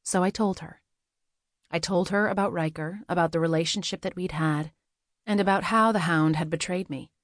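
A woman narrates a first-person story in a measured, steady way, reading it aloud as an audiobook. Her voice is on the low side, and the recording is dry and close with no room sound. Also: dry recording.

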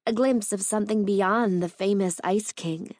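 Woman reading a romance audiobook, measured and intimate, dry close mic. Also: mid-range voice, a little mellow, dry recording. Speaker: audiobook narrator. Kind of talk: first-person romance narration.

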